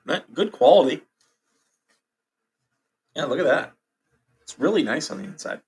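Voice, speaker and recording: A man's voice: fairly high pitch, animated, unhurried, long pauses, darkish tone, slightly rough. Chatty man hosting a casual livestream. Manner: chatty, laughs often, reacts to chat and news. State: hiccups. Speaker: livestream host. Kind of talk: casual livestream chat reading headlines.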